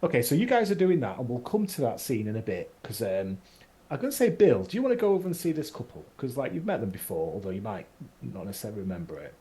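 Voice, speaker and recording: A man running a tabletop game, painting the scene in a loose, chatty way full of "like" and "um". His pitch rises and falls a lot as he describes things. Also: sing-song, quick pace, mellow. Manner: chatty, descriptive, many fillers. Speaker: game master.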